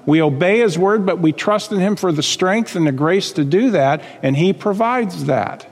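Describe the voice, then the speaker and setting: A male pastor preaching a sermon, reading scripture and acting out quotes with lively emphasis. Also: sits high, normal speed, long reverb tail.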